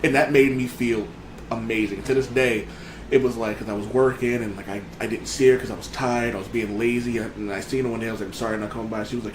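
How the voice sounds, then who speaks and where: A man's voice: mid-range voice, quick pace, roomy sound, noisy background. Rambling man hosting a casual podcast. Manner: rambling, many fillers and restarts. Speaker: podcast host. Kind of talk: casual chat.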